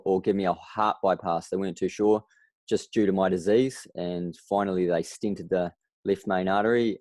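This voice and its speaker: A deep, low-voiced New Zealand man appears as a podcast guest in a casual interview, telling his story with animation and acting out what other people said. The sound is dry and close, with no echo at all.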